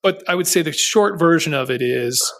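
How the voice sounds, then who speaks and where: A man's voice: a little high, lively intonation, normal speed, fairly bright tone. A middle-aged man hosting a podcast interview, telling a personal story in an earnest, rambling way with many restarts. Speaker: podcast host.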